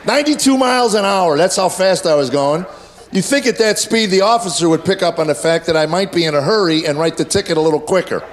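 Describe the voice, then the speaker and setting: Man, fifties, stand-up comedian, deadpan, high voice, noisy live venue. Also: quick pace. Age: 50s. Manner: deadpan storytelling with punchlines. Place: stage before a laughing audience.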